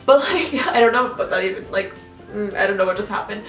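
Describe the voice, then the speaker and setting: A woman's voice: medium pitch, a little fast, a bit bright, distant mic. Rambling young woman vlogger, echoey room. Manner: rambling, filler-heavy, lots of "like". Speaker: YouTuber. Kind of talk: casual ranting reaction. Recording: echoey room, off-mic, faint music.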